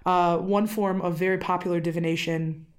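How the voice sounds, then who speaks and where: A woman's voice: on the low side, level tone, normal speed. A woman with a Wisconsin accent, co-hosting a casual podcast and explaining a legend she researched, with frequent "uh" fillers. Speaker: podcast co-host presenting research.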